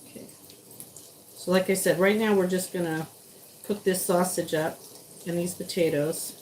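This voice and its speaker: A woman's voice: on the low side, steady tone, moderate pace, darkish tone, slight background noise, poor audio. Chatty woman cooking on a live stream. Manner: chatty, greets viewers while cooking.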